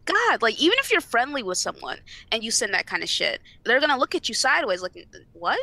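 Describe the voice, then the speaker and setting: A woman's voice: on the high side, big pitch swings, quick pace, vocal fry, sharp tone, no echo. A young woman on a casual podcast, ranting animatedly and swearing freely. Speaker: podcast co-host.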